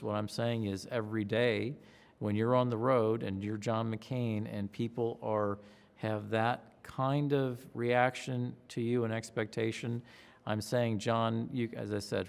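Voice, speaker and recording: Animated storytelling man in a reverberant hall. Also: lowish voice, creaky, clear, resonant tone. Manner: animated, re-enacts his own excitement with gasps and raised voice. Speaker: pollster. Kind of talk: interview storytelling.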